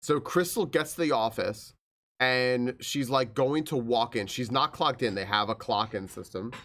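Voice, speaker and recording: A man's voice: medium pitch, fairly bright tone. Rambling, laughing male game streamer. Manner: rambling, swears freely, laughs a lot, quick asides. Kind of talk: casual gameplay chat with storytelling. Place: at home.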